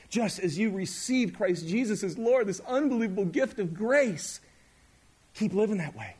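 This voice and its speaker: Male pastor, middle-aged, bright high voice, lively conversational sermon that keeps questioning the audience. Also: normal speed, husky.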